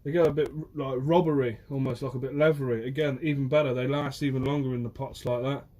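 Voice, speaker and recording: A young fisherman from Guernsey chats casually on a phone livestream from outdoors by the shore, answering viewers by name. His mid-range voice is mellow and steady in tone, and he talks fast.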